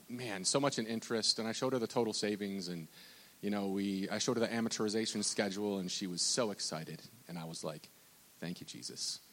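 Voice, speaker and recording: A man's voice: on the low side, fairly bright tone, long reverb tail. A man who works at a bank, talking casually and rambling with many restarts and fillers. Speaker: bank loan officer. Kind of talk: casual talk.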